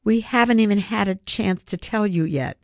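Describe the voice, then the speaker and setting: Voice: medium pitch, normal speed, a little mellow, no room sound, voice pushed up, lightly acted. A narrator voicing an earnest father who sighs over money troubles. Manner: sighing, earnest. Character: worried father with an invention.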